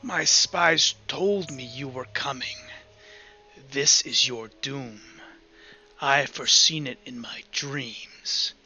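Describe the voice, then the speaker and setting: A man putting on a cruel, power-hungry tyrant queen from a tabletop game, drawing out every word in a slow, looming delivery with a bright, forceful edge. The recording is a bit dull, with faint music underneath. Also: medium pitch, husky, pitched below the performer's own voice, exaggerated voice. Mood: ominous. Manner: slow, drawn-out, looming speech.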